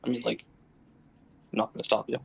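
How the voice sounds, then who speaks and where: Everyday male player, mid pitch, quick and conspiratorial in planning. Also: monotone, creaky, crowd noise. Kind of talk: casual tabletop play.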